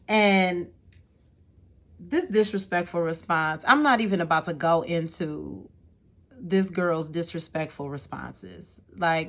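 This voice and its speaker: A woman with a lowish voice tells her viewers a personal story, casual and exasperated. She repeats words often and keeps checking in with "okay?".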